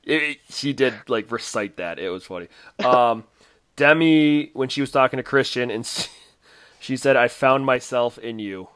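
A man co-hosts a podcast in casual chat, laughing often and quoting others. His mid-range voice moves at a moderate pace and sounds fairly bright, clear and resonant. The recording is studio quality with no echo.

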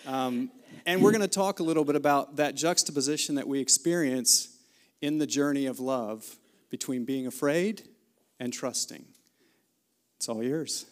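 A man's voice: medium pitch, normal speed. A man opening a sermon alongside his wife, with light, self-deprecating humour. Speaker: guest preacher.

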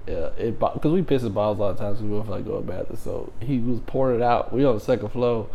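A man's voice: lowish voice, fast talker, warm tone, slight background noise. A man telling army stories in casual chat, swearing freely and laughing as he talks. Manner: profane, laughs through his stories.

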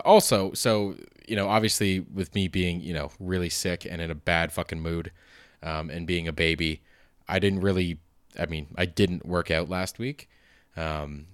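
A man's voice: low voice, dry recording. A man with a sore throat, rambling casually through a self-deprecating monologue and swearing freely. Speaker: vlogger.

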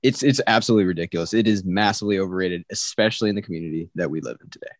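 A man's voice: sits low, racing, dry recording, studio quality. A young man from California, co-hosting a podcast and ranting bluntly and emphatically in casual chat. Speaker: podcast co-host.

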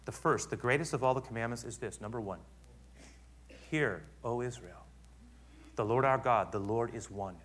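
A middle-aged man preaching with a voice of ordinary middle pitch. He explains quietly, then builds to loud, emphatic passages, and keeps the tone of a sermon throughout. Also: normal speed, long pauses.

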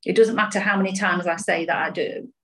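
A middle-aged woman chats as a podcast guest. She speaks in a fairly low voice and lays out her thoughts in a gentle, reflective way. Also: fairly even intonation, fairly quick. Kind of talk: casual reflective chat.

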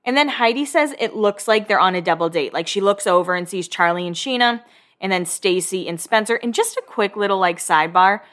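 A woman's voice: mid-range voice, a little fast, fairly bright tone. Young woman, podcast host, casual and gossipy, acts out the quotes. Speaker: podcast host recapping a reality show. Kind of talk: casual chat.

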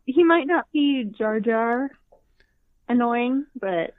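A woman chatting casually as a podcast co-host, an animated storyteller who acts out her own reactions. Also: a little high, takes it slowly, no room sound. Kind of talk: casual fan chat. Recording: tinny phone-like line, dry.

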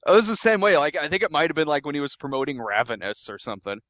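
A man's voice: on the high side, big pitch swings, very fast, a bit bright, no room sound. A man co-hosting a podcast, chatting casually about movies, laughing often and hedging with many likes. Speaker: podcast co-host.

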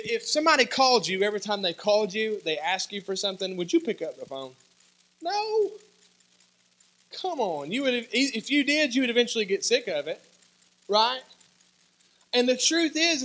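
A man preaching a sermon as pastor, telling personal stories in an animated way and acting out the dialogue. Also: high-pitched. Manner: animated storytelling, acts out dialogue, sudden loud shouts.

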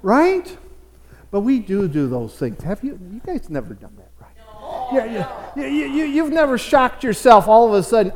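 A man's voice: high-pitched, a little mellow, big-room sound. A middle-aged man from the United States preaching a conversational sermon in a folksy, storytelling way, often repeating words as he builds a point. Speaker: pastor.

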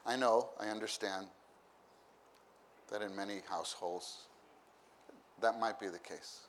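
A man with a lowish, steady voice preaches an unhurried, conversational sermon at a church meeting, with slight background noise audible. He repeats phrases and acts out the voices of people in his stories, breaking into bursts of laughter.

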